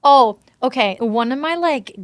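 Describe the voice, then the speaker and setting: A woman's voice: high voice, expressive, unhurried, no echo. Playful woman, dry close sound. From Sweden. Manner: playful, giggly, swears casually. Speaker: guest, singer-songwriter. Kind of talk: casual podcast chat.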